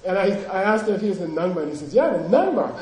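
A man's voice: high-pitched, racing, darkish tone. A man teaching a language class, drilling pronunciation and joking with his students. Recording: echoey room with class audience.

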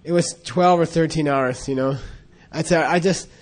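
His voice is on the high side and his speed is normal as he meanders through a casual anecdote. Fillers and restarts pile up, and he laughs frequently.

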